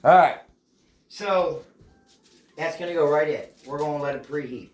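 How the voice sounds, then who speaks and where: A man's voice: fairly high pitch, normal speed. A man hosting a casual cooking demonstration at home, chatty and playful. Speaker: cooking show host. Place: home kitchen. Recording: echoey home kitchen.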